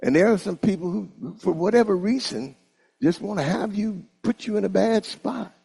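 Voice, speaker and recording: A man preaching a sermon in an animated style, calling on the congregation to repeat after him. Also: sits high, moderate pace, gravelly, breathy edge. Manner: animated, call-and-response with congregation.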